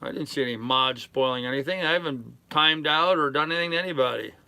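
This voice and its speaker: Rambling older man, bright voice. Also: fairly high pitch, quick pace, clear, resonant tone, no echo. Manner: rambling, relaxed, drawling with fillers. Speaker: sailing vlogger reading live chat. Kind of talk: casual live-stream chat. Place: aboard a sailboat in a harbor.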